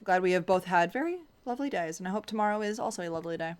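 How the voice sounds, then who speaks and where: A woman's voice: lowish voice, lively intonation, racing, clear, resonant tone. A woman streamer giving casual play-through commentary, swearing freely and reading game dialogue aloud.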